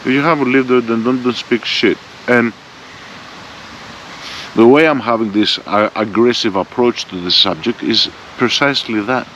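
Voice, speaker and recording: His voice is medium-pitched and a bit bright, at normal speed, as this forties motorbike vlogger rambles through a blunt, profane rant. The outdoor recording comes from a front camera mounted on the bike and is dull and lo-fi, with faint vehicle noise.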